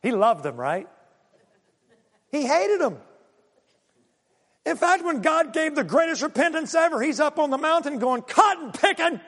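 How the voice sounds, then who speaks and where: A man preaching a sermon, animated and full of rhetorical questions and acted-out asides to the congregation. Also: very high voice, unhurried, pauses often, long reverb tail. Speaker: pastor.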